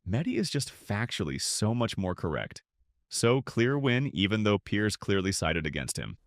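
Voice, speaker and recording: Fields: man, mocking commentator, low voice. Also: sing-song, moderate pace, dry recording, clean studio sound. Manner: mocking, partisan. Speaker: channel commentator. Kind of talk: reaction commentary voice-over.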